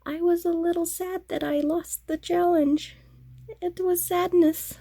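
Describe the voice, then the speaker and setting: A woman chatting about her stitching in a casual vlog. Her voice is throaty and flat, and she talks in a rambling, self-deprecating way that keeps apologizing for itself. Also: very high voice, measured pace, no room sound. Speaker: cross-stitch vlogger. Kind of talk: casual show-and-tell chat.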